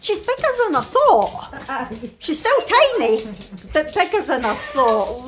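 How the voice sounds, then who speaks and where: A woman's voice: high-pitched, very animated, slow pace. A Scottish woman chatting casually in a home kitchen for a family vlog, laughing often and cooing at pets. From Scotland. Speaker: vlogger.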